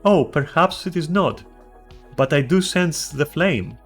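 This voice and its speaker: A man imitating a dejected male fantasy game merchant, speaking slowly and cryptically. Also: on the high side, animated, husky, faint music behind, heavily acted. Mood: mournful.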